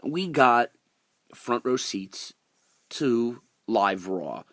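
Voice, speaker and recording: A man's voice: mid-range voice, lively intonation, very slow, fairly bright tone, dry recording, studio quality. A young man ranting casually about wrestling on his vlog, exasperated, with lots of fillers and restarts. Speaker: wrestling vlogger. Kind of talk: casual opinion rant.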